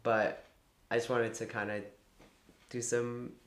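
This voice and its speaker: Very low-voiced woman, casual podcast co-host. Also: level tone, takes it slowly. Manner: laid-back, swears freely, laughs often. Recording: roomy echo.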